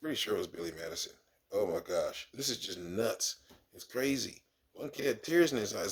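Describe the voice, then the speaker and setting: Animated, gravelly-voiced man telling classroom stories. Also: lowish voice, brisk. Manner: animated storyteller, swinging up for acted exclamations. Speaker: kindergarten teacher. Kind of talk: casual anecdotal monologue.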